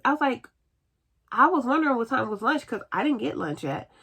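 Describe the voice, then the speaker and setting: A woman's voice: on the high side, a little fast, breathy edge. Chatty woman telling a storytime vlog. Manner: chatty and animated, acting out what others said. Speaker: vlogger telling a personal story.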